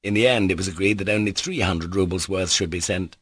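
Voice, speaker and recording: A man narrating a classic novel as an audiobook in a steady, measured way. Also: deep voice, husky, no room sound. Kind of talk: scripted narration.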